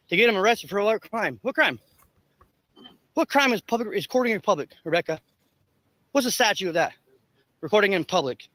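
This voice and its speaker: A man's voice: high voice, bright, forceful tone, no room sound. A man livestreaming from a public sidewalk, taunting and cursing at people in an aggressive, profane rant. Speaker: street streamer. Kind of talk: confrontational livestream ranting. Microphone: handheld camera.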